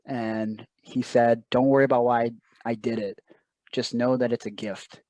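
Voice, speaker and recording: A man's voice: mid-range voice, level tone, unhurried, a little mellow, no room sound. Earnest man recounting a story. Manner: emotional, earnest retelling with quoted asides. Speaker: interview guest, wrestler. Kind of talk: casual storytelling interview.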